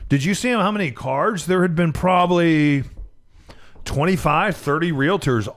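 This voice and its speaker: A man's voice: fairly high pitch, measured pace. Male co-host, easygoing studio chat, rambles and backtracks. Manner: rambling, stops and restarts often. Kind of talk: casual talk radio chat.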